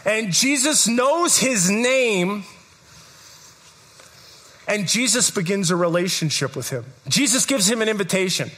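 A man preaching a live sermon to a congregation, emphatic and repetitive, building to shouts. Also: high voice, lively intonation, measured pace, pauses often. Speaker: pastor. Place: church service, in front of a congregation.

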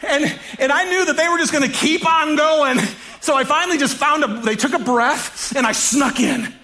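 A pastor giving a casual sermon to his congregation, animated, chuckling often and repeating key phrases. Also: very high voice, normal speed.

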